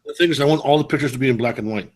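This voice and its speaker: A man's voice: mid-range voice, rapid-fire. Easygoing man co-hosting a chat. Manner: short, easygoing replies. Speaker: podcast co-host. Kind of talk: casual banter.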